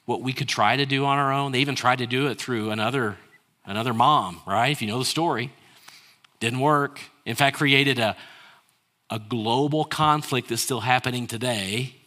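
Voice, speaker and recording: Bright-voiced man preaching to a congregation. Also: medium pitch, moderate pace. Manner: calls on the congregation to answer and repeat lines; rhetorical questions, shifts between hushed and raised delivery. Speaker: pastor. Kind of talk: sermon.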